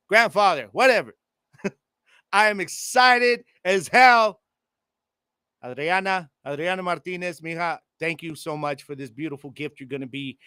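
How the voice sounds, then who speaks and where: Excitable man, bright dry voice. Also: on the high side, clear, resonant tone, no echo. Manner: loose, excitable, talks straight to listeners with slang. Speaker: podcast host. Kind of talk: casual sports podcast monologue. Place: home room with air conditioning.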